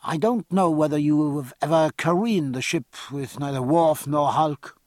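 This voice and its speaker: A man's voice: a little high, moderate pace, a little mellow, no room sound, lightly acted. A man voicing a polite, formal young French naval lieutenant in an audiobook. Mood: apologetic. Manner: polite, formal, slightly embarrassed.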